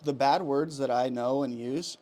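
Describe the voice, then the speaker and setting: A podcast co-host in his thirties rants heatedly in casual chat, rambling and swearing with many restarts. His medium-pitched voice has a dark tone, fairly even intonation, and a normal speed.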